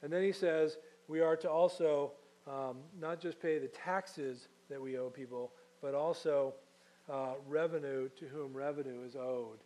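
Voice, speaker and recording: A male pastor delivering a sermon to a live congregation. His voice sits a little high for a man, and he teaches conversationally, stopping to ask the people in front of him questions. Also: steady tone, measured pace, a little mellow, low-quality recording.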